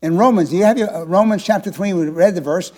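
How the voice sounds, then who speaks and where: Seventy-year-old pastor preaching in a high voice. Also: male voice, quick pace. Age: 70s. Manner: preaching with rhetorical questions to the congregation, shifting from quiet to emphatic. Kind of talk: sermon.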